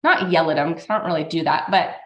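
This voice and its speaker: Chatty mom in an echoey room. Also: female voice, sits low, fast talker, a bit bright. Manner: chatty, telling personal stories. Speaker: podcast co-host, mother. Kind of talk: casual conversational chat.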